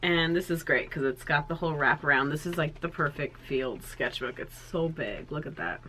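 Talking to camera as an art vlogger, this thirtysomething woman is chatty and sentimental, filling her speech with fillers. She sits low in pitch and sounds bright and forceful at a moderate pace, over slight background noise.

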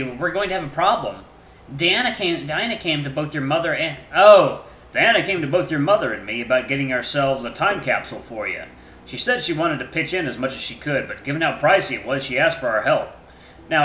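A man voicing a proud, warm-hearted middle-aged father, talking in a folksy, fatherly way. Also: medium pitch, echoey room, a little hiss or hum, rough recording.

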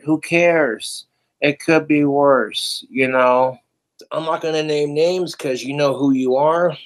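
A man's voice: a little high, fairly bright tone. A man ranting on a livestream, swearing heavily and drinking alcohol as he talks. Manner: profane, ranting, drinking on stream. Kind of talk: livestream rant.

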